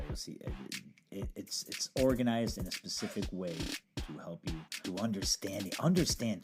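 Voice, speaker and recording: A middle-aged man with a somewhat low voice rambles through his own podcast, cursing casually and tripping over his words. Music plays clearly under his voice the whole time. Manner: rambling, profane, with many fillers and restarts. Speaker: podcast host. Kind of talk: casual monologue. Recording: music playing behind.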